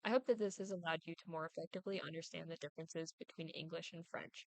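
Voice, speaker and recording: A young woman, a student, reading her prepared class presentation aloud, deliberately overemphasizing stressed syllables in her examples. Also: low-pitched, steady tone, poor audio.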